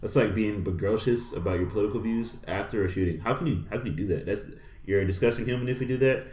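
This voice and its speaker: A podcast co-host speaks in a lower-pitched voice, with indignant, sarcastic remarks. The room around him sounds echoey. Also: male voice, fast talker, darkish tone, a little hiss or hum. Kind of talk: casual podcast chat.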